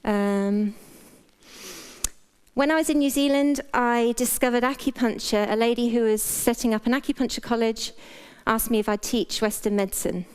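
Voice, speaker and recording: A woman's voice: a little high, fairly even intonation, normal speed, clear, resonant tone. A middle-aged British woman, a doctor, giving a frank, playful motivational talk in a conversational way. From Britain. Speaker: doctor and speaker.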